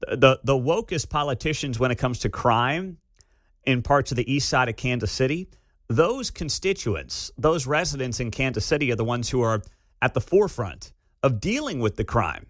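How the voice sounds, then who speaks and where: A radio host speaks at a moderate pace in a medium-pitched voice, his sarcastic studio commentary lively and animated. The studio microphone picks up no room sound at all.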